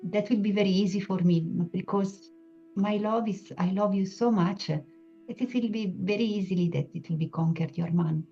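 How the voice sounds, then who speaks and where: A woman's voice: medium pitch, fairly even intonation, normal speed, lightly acted. A woman voicing a tender young goddess. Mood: pleading. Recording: dull lo-fi sound, soft music behind.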